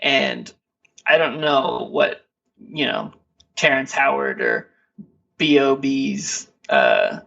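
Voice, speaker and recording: A man's voice: mid-range voice, sing-song, takes it slowly, gravelly, long pauses, sharp tone, far from the mic, highs cut off. A man co-hosting a podcast, talking in a laid-back, rambling way with lots of fillers and restarts. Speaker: podcast co-host. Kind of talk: casual chat.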